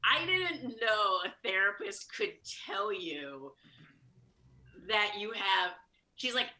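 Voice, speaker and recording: A woman comedian from Chicago telling a story at a fast, high-energy clip, acting out the quoted lines. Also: lively intonation, sharp tone, poor audio. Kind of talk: live storytelling monologue.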